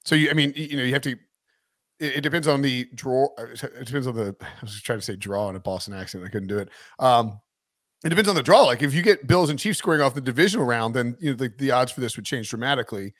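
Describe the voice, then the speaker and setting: Man hosting a sports podcast, rambling and jokey, dry close sound, mid-pitched voice. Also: animated, fast, fairly bright tone, no room sound. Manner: thinks aloud, jokey, rambling. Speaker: podcast host. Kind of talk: casual sports chat.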